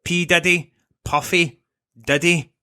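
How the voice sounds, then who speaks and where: A man's voice: on the high side, steady tone, takes it slowly, bright, forceful tone, smooth. A young man co-hosting a comedy podcast, swearing and joking in casual banter. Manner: sweary, jokey, laughs often. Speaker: podcast co-host.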